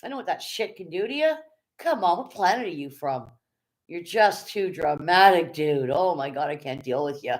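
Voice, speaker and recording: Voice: medium pitch, lively intonation, moderate pace. A live streamer chats casually with viewers, blunt and often profane. The delivery is loose and conversational, and the streamer keeps checking in with the chat. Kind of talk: casual livestream commentary.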